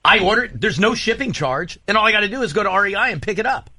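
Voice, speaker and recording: A man hosting a morning radio show, telling stories in rambling, animated casual banter with frequent restarts. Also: sits high, quick pace, no echo. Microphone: studio microphone.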